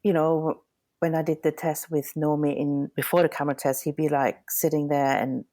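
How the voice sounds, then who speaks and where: A woman working as a hair and makeup designer, chatting as a podcast guest and telling animated stories full of fillers. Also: deep voice, normal speed, no room sound, clean studio sound. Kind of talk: casual interview storytelling.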